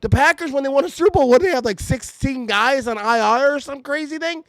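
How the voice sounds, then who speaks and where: A man's voice: very high-pitched, fairly quick, fairly bright tone, no room sound. A man hosting his podcast from home at night, ranting in a fired-up, irritated way and stumbling over repeated restarts. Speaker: podcast host. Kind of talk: heated sports fan rant. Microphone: podcast mic.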